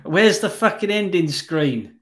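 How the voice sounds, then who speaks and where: A man's voice: high voice, animated, unhurried, a bit bright. Guy hosting a podcast, blunt, swears, winding things up. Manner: blunt, swearing, wraps up the show. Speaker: podcast host. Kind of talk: casual chat.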